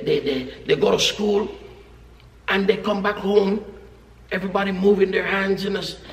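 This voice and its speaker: A man preaching in a very high, bright voice that swings widely in pitch and turns gravelly at times. He drives his points home through repetition and frequent shouting. The sound carries the long echo of a large hall. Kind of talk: sermon. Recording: echoey hall with long reverb.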